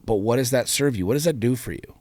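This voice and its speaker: A man's voice: mid-range voice, fast, darkish tone, no echo. A man co-hosting a relationship talk show, talking candidly and bluntly, swearing freely and firing off rhetorical questions. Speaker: podcast co-host. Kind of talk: candid casual chat.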